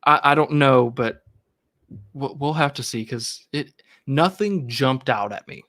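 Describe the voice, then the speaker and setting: A man's voice: mid-range voice, a little slow, a bit bright. A man co-hosting a live movie podcast, talking casually and rambling through his points. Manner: rambling, many fillers and restarts. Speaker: podcast co-host.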